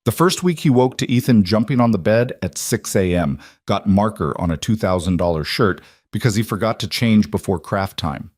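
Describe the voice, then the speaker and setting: Low-voiced male narrator, measured scripted reading, dry studio sound. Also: lively intonation, dry recording.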